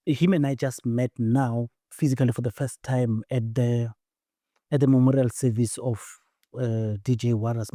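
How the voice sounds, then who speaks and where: Relaxed South African podcast host, man. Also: medium pitch, no room sound, studio quality. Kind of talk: casual interview chat.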